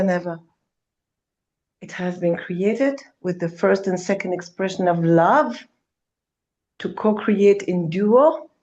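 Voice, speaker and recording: Woman giving a fiery spiritual talk, slow and deliberate, kinda muffled lo-fi audio. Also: mid-range voice, a little mellow. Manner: emphatic, calls listener darling, swears. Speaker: spiritual speaker.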